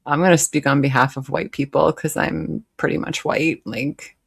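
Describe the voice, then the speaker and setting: Low-voiced woman reacting bluntly. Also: normal speed, gravelly, breathy edge, no echo, studio quality. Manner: blunt, sarcastic, swearing. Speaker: reaction host. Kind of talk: casual live reaction commentary.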